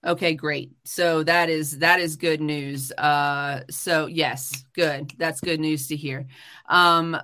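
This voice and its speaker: Woman streamer ranting, bright sharp voice, lots of ums and swearing. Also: low-pitched, fairly even intonation, slow pace. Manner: heated, swearing, many fillers and restarts. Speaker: livestream host. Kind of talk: casual livestream chat. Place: home livestream.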